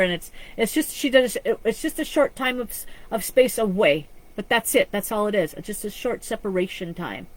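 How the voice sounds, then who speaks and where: A woman's voice: mid-range voice, animated, normal speed, hardly any pauses, rough recording. A woman psychic medium giving a live-streamed reading, talking in an earnest, rambling way with frequent restarts. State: choked up with emotion.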